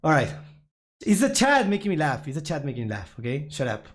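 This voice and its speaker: Brief: lively, giggly streamer, bouncing pitch, chatty and self-mocking while reacting to chat. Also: fast talker. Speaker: streamer reacting to viewer-suggested memes. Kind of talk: casual reaction commentary to chat.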